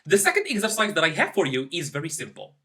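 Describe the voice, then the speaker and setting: A man's voice: a little high, wildly swooping pitch, fast talker, sharp tone. A man teaching English pronunciation to camera, encouraging and demonstrative as he talks learners through exercises. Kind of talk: instructional talk to camera.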